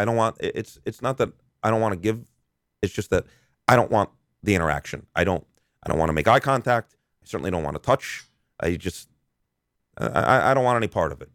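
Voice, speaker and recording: Rambling male podcast host with a lively voice. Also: on the low side, dry recording, clean studio sound. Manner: rambling, with many restarts; self-amused. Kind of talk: casual storytelling.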